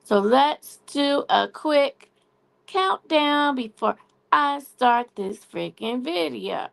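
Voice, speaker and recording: A woman's voice: high-pitched, animated, slow pace, creaky. A woman hosting a live stream, chatting casually about a TV show and saying y'all a lot. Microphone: phone.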